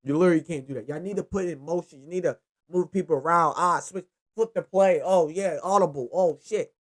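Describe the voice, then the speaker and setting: Brisk and somewhat high-voiced, a man rambles through the games on his own sports picks show. The casual monologue is lively and profane, delivered in an easy, unscripted way.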